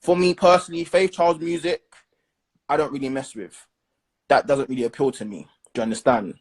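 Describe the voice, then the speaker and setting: A young man talks bluntly in a relaxed chat, his voice husky and a little breathy. He pushes his opinions hard and keeps checking that the listener is with him. His pitch sits at a middle level for a man. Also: a little fast. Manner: blunt, animated, leans on slang and "do you understand".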